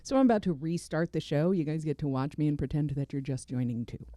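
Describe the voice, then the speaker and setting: A woman with a low, mellow voice co-hosts a relaxed podcast chat. She sounds easygoing and laughs often. The sound is close and dry, with no room echo. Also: fast talker. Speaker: podcast co-host. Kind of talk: casual live-stream chat.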